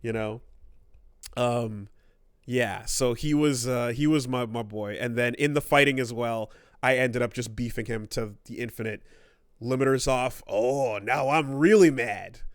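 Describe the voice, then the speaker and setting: This is a man co-hosting a casual gaming podcast, rambling and swearing as he acts out characters' lines. His voice is smooth and resonant. The sound is dry and close. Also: mid-range voice, steady tone, unhurried, no echo. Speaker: podcast co-host.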